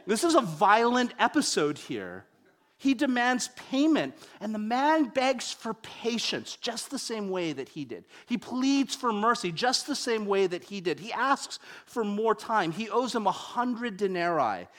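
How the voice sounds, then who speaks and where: A young man preaching a sermon, telling stories with wide swings between loud and hushed delivery. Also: high voice, very animated, a little slow.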